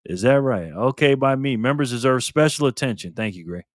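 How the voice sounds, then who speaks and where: A man's voice: medium pitch, expressive, fairly quick, dry recording, clean studio sound. Laid-back man hosting a livestream. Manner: laid-back, calls viewers man and brother; loose, repeats and restarts phrases. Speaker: livestream host. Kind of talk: casual livestream chat, reading viewer comments aloud.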